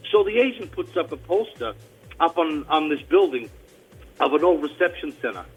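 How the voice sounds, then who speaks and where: A man from Australia, a tribute performer, telling a story in a casual radio interview, with an animated delivery full of restarts and a mild Australian accent. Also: fairly high pitch, moderate pace, breathy edge, lo-fi sound, faint music behind. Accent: mild Australian, mostly hidden.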